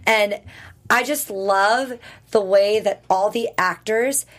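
Excited woman recapping episodes. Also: mid-range voice. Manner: enthusiastic, retells scenes quickly. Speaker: co-host of a TV recap show. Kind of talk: casual recap chat.

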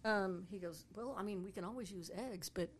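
A woman's voice: mid-range voice, brisk, slight background noise. A woman telling a story casually, a tour guide who acts out the voices of the people in it. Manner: animated, acts out voices of people in her stories.

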